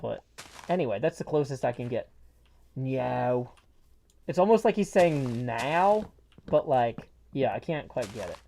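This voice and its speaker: A man's voice: mid-range voice, big pitch swings, fairly quick, warm tone, slight background noise. Muffled, rambling man streaming. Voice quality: muffled by a mask. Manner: rambling, playful, jokey asides. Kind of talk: casual livestream chat while gaming. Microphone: mask worn over the face.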